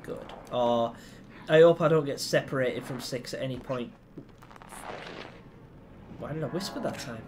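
A man commenting on a horror game as he plays it, excitable and swearing a lot. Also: mid-range voice, moderate pace, pauses often, background noise. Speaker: gaming YouTuber. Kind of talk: let's play commentary.

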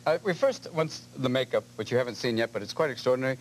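A man chatting as a talk show guest, firing off jokes and slipping into quick impressions. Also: mid-range voice, expressive, poor audio. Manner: rapid-fire jokes, jumping into impressions. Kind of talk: comic talk-show banter. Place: television studio before an audience. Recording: hissy old VHS broadcast tape.

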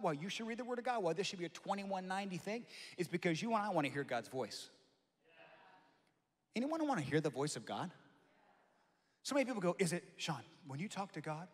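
Animated preaching man in a reverberant hall. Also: a little high. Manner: animated, swings from loud preaching to soft hushed asides. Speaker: pastor. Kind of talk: sermon. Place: large church hall.

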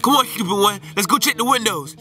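Guy doing a bright eager bird henchman, far off, faint music. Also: high voice, expressive, quick pace, full character voice. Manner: eager, bossing his partner. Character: loyal male bird henchman. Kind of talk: comedy puppet skit.

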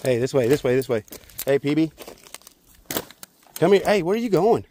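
A man vlogging outdoors at a beach spot while walking his dog, calling to it in high, loud bursts and dropping to low asides. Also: animated, moderate pace, a little hiss or hum. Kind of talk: casual vlog chatter.

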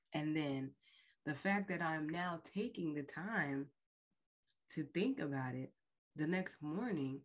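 A woman podcast host slowly and frankly retelling a painful personal experience in an emotional, storytelling way. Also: low voice.

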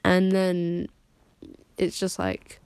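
A young woman streaming a game, chatting in a rambling, excitable way and giggling often. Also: fairly low pitch, drawn-out words, smooth, no echo. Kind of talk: casual live-stream chat.

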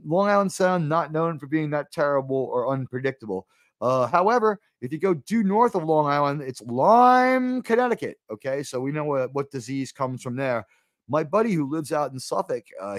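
Profane, rambling New livestream host. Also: male voice, fairly high pitch, animated, normal speed, no echo, clean studio sound. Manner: profane, digressive, wry asides to chat. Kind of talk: casual rambling livestream chat.

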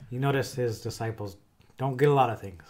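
Halting, thoughtful male chaplain. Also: mid-range voice, a little mellow. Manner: thoughtful, halting, many fillers. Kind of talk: casual conversation.

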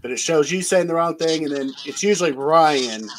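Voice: medium pitch, normal speed, slight background noise, low-quality recording. A host in casual interview chat, asking long, friendly questions over a video call.

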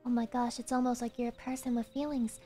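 A woman's voice: fairly high pitch, flat delivery, quick pace, soft background music. Playful, sarcastic young woman streamer. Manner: playful, sarcastic, breaks into hushed ASMR-style whispers. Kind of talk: casual gameplay commentary.

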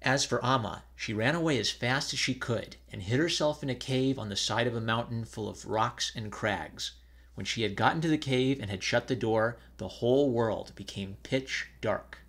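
A man's voice: mid-range voice, normal speed, gravelly, fairly bright tone. Man reading an old fairy tale. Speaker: storyteller.

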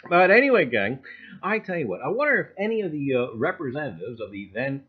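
A man's voice: mid-range voice, sing-song, a little fast, husky, phone-quality sound. A man hosting a casual livestream, jokey and chatty, greeting viewers one by one and leaning on repeated catchphrases. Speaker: livestream host.

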